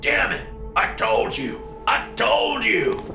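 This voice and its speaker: A man's voice: deep voice, expressive, unhurried, roomy sound, music in the background. A man voicing a tearful, overprotective father with a raw, stern manner in a horror story reading. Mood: emotional.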